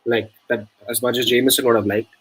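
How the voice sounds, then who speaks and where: A man's voice: medium pitch, little pitch movement, fast, a bit bright, a little hiss or hum, low-quality recording. A man co-hosting a cricket watch-along, chatting casually, telling stories with a laugh and swearing freely. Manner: laughing, swears, tells anecdotes. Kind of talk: casual live-stream chat and commentary.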